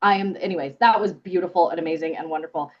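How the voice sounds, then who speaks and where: A woman's voice: fairly low pitch, fast. A woman asking questions in casual chat over a video call. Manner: chatty, asks questions. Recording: slightly dull sound.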